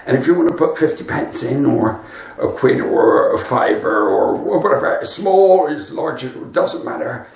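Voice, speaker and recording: Lively West Country comedian, roomy sound. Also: male voice, mid-range voice, unhurried, gravelly. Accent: West Country English. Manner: chatty, joke-telling storyteller. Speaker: stand-up comedian. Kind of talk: live stand-up from home. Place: front room at home. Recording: roomy sound from a distant mic.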